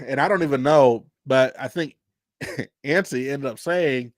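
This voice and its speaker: A man's voice: mid-range voice, unhurried, no echo, clean studio sound. A man hosting an unscripted livestream chat, rambling loosely and laughing often. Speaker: host.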